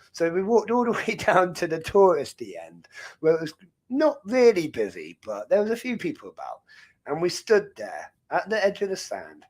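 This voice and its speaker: A man, hosting a casual live stream in a rambling, jokey way and laughing often. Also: high voice. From England.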